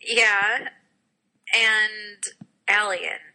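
A woman's voice: medium pitch, very slow, gravelly, bright, forceful tone, poor audio. A woman co-hosting a podcast in casual chat, talkative and self-deprecating, laughing often. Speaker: podcast co-host.

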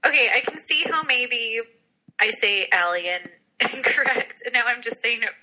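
A woman chatting casually as a podcast co-host. Her voice is very bright and sharp. She talks freely, laughs often and pokes fun at herself. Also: on the high side, animated, normal speed, poor audio. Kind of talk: casual chat.

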